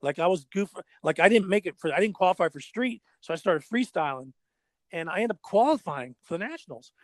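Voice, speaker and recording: A middle-aged man, a former pro skateboarder, telling stories in casual chat, animated and repeating words as he goes. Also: sits high, fairly quick, no room sound. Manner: animated, acts out quoted dialogue, repeats words.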